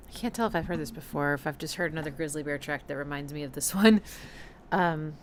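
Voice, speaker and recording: A woman with a deep voice hosts a music listening stream, talking quickly over a noisy background. She analyzes songs in a loose, rambling way full of fillers and self-corrections, humming and scatting rhythms to illustrate her points.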